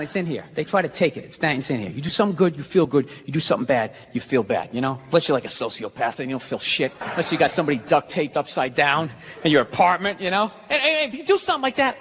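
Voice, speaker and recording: A stand-up comedian man rants through his set with a very high, bright, sharp-edged voice. He swears freely, turns sarcastic and shouts the punchlines. A faint hum of ambience sits behind him.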